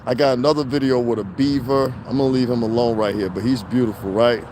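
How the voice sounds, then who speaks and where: Standing by a fence near traffic, a fast-talking New Jersey man records a casual commentary vlog on his handheld phone. He's profane and animated, his voice climbing to a heated pitch as he rants, with traffic noise in the background.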